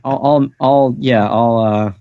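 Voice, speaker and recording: A man's voice: medium pitch, steady tone, slow, no room sound. A man hosting a podcast, recapping a manga chapter in a playful, rambling chat with lots of restarts. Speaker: podcast host. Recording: dry, dull lo-fi podcast audio.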